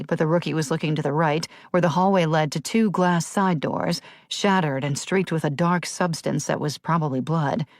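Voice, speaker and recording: A woman narrating a thriller audiobook in a measured, even reading. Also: sits low, no room sound, studio quality.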